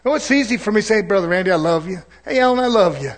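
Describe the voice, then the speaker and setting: A man preaching a folksy sermon, mixing jokes and laughter with scripture and swinging from soft asides to loud, fervent preaching. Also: high-pitched, lively intonation, rapid-fire. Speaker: pastor.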